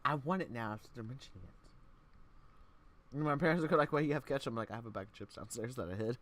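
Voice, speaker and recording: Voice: medium pitch, brisk, a bit bright, slight background noise. A co-player on a live stream chatting casually and reading out game choices, playful and joking. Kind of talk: casual chat while playing a story game.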